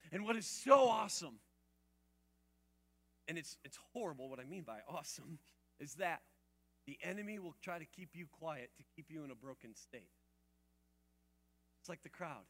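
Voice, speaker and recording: A man preaching a sermon in a casual, conversational way, asking the audience questions and swinging between quiet asides and loud, emphatic bursts. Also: high voice, lively intonation, normal speed, long pauses.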